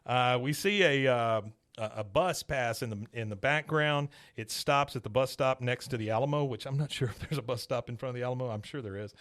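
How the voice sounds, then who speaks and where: A man hosting a podcast, recapping a cartoon episode in a casual, animated way and chuckling often. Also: mid-range voice, fairly quick, few pauses. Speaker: podcast host.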